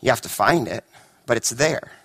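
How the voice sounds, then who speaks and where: A male pastor preaching a sermon, swinging dramatically between emphatic, raised lines and hushed, quiet ones. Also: mid-range voice, lively intonation, moderate pace, gravelly, slightly rough.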